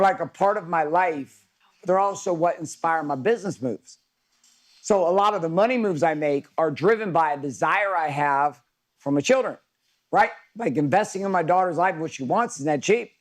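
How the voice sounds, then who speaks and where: Middle-aged guy coaching a workshop online, casual and swears a lot, voice a bit on the high side. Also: animated, normal speed. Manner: casual, profane, storytelling. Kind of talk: live virtual workshop talk.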